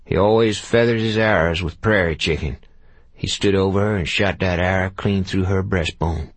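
A man's voice: sits low, moderate pace, no echo. A man voicing a weathered old frontier scout who speaks bluntly and plainly. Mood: grim.

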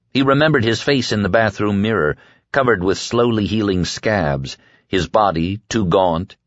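A man narrating an audiobook in a lively, expressive way. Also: lowish voice, no room sound. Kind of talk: scripted narration. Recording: dull, dry lo-fi recording.

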